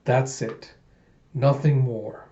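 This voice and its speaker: A man's voice: mid-range voice, steady tone, takes it slowly, dark tone, lightly acted. Man doing a resolute cyborg girl warrior, intense, roomy dull recording. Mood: determined. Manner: intense, resolute inner monologue. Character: determined young female cyborg fighter.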